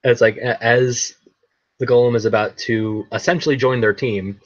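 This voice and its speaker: A man's voice: mid-range voice, no echo, highs cut off. A young man hosting a podcast, recapping an episode in a rambling casual chat, often laughing and repeating words.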